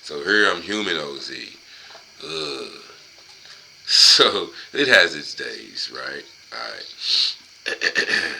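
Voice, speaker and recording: Rambling, profane man with bright voice. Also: deep voice, expressive, slow pace, slight background noise, low-quality recording. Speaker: host reading a book aloud and riffing. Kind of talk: casual monologue with book reading.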